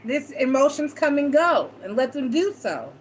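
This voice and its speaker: A woman's voice: sits high, big pitch swings, moderate pace, a little hiss or hum, poor audio. A woman giving a casual, rambling tarot reading, frank and a bit salty, acting out quoted talk with a raised voice. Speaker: tarot reader.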